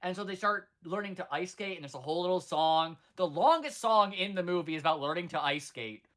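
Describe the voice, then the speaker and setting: A bright-toned podcast host in their thirties retells a film with loose, rambling asides. The delivery is sarcastic and peppered with cursing. It sounds like friends chatting about an old favourite. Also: mid-range voice, expressive, brisk. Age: 30s. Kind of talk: casual movie recap chat.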